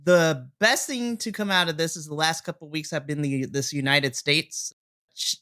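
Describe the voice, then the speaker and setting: A man co-hosting a casual podcast with a bright, ringing tone. He talks in a relaxed, joking and measured way. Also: a little high, smooth. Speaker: podcast co-host.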